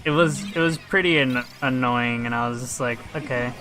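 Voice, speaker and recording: A man's voice: medium pitch, normal speed, music in the background. A young man chatting casually while he plays a game, telling a rambling story and swearing freely into a headset mic. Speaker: gaming streamer. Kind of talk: casual chat while playing.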